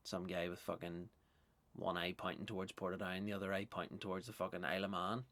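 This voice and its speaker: A man's voice: low voice, flat delivery, fast talker, a bit bright. A man from Northern Ireland with a Northern Irish accent, a stand-up comedian hosting a podcast in a loose, self-mocking ramble with swearing.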